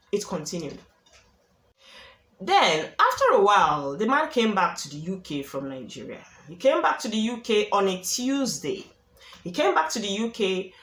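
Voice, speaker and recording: A woman with a fairly low voice tells a true-life story, casual and chatty, often repeating a phrase for emphasis. Her voice echoes around the room she records in. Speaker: storyteller, channel host.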